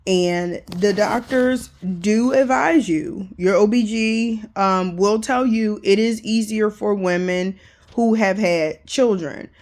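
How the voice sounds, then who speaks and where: A young adult woman talks straight to the camera in a casual vlog, candid and full of fillers. She tells her story emphatically, her voice sitting in an ordinary middle pitch. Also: slow pace. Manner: candid, chatty, lots of fillers; emphatic, animated retelling. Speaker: vlogger.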